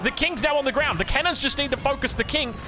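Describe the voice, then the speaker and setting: Excitable high-voiced Australian man casting. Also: fast talker, over music. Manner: excitable, talks to the players, voice jumps high when surprised. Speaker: game caster. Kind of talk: strategy game commentary.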